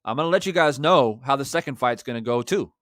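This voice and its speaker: A man's voice: mid-range voice, animated, quick pace, a bit bright, no echo, studio quality. A man hosting a live-stream about boxing who reads out viewer chats. He talks in a brash, confident way and speaks straight to his viewers. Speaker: boxing YouTuber. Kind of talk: live-stream commentary reading super chats.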